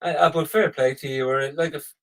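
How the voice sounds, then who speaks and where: A man teasing the host in a casual livestream chat, halting and restarting as he talks. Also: a little high, steady tone, a bit bright. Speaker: panel guest.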